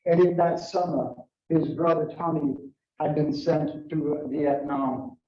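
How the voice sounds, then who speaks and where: An older retired man telling a story to a club audience, halting, with many fillers and restarts. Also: on the high side, steady tone. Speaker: club speaker. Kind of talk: storytelling speech. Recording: dull, roomy, from a distance.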